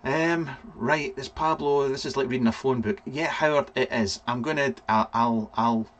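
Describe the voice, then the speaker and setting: A man's voice: mid-range voice, moderate pace, fairly bright tone. A Scottish man hosting a casual live vlog, rambling through viewer names with lots of ums. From Scotland. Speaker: vape reviewer and live vlog host. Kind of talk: casual live-stream chat.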